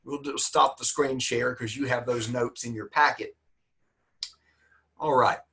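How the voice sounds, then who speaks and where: A man's voice: mid-range voice, steady tone, unhurried, pushed and bright. Folksy man teaching a class. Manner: folksy, joking, encouraging. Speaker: literature teacher. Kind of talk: online class lecture.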